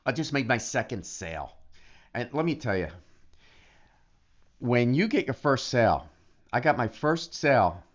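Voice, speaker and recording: A man talking casually in a vlog, excitable and animated, often restarting his sentences. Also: medium pitch, a little slow, long pauses. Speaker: affiliate marketer. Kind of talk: casual vlog talk to camera. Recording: dull lo-fi recording.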